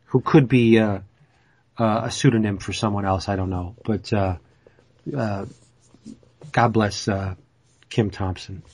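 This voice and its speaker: A man's voice: lowish voice, fairly even intonation, measured pace, pauses often, darkish tone, husky, no room sound. A man co-hosting a comics podcast, chatting casually as an eager, stammering fan. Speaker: podcast co-host.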